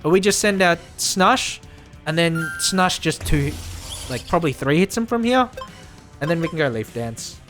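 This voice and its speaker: A man's voice: fairly high pitch, lively intonation, moderate pace, a bit bright, faint music behind. A man streaming a video game live, chatting and laughing while reading character lines aloud. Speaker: VTuber streamer. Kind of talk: live gameplay commentary with dialogue read-aloud.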